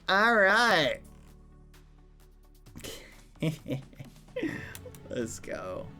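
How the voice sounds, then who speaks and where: Excitable streamer man, unhurried. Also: faint music behind. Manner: excitable, squeals high when surprised, swaps swears for silly words. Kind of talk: live game stream commentary to chat.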